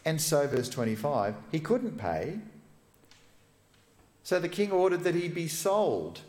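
A man preaching a sermon as a pastor, retelling a story with lively, animated delivery. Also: on the high side, slow. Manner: animated storytelling, acts out quoted characters. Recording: echoey hall.

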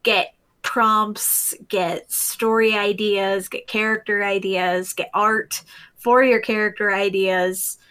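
Woman, podcast co-host, bright tone, casual chat, step-by-step explaining. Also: mid-range voice, fairly even intonation, slow pace, clear, resonant tone.

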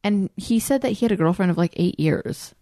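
A woman's voice: mid-range voice, a little fast, dark tone, no room sound, clean studio sound. A woman hosting a podcast in casual chat, telling stories animatedly and giggling often. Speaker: podcast host. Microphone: podcast recorder.

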